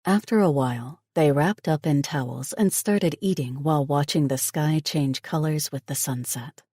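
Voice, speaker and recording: A man reading a romance audiobook in scripted narration, slow and steady. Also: on the high side, no echo, studio quality.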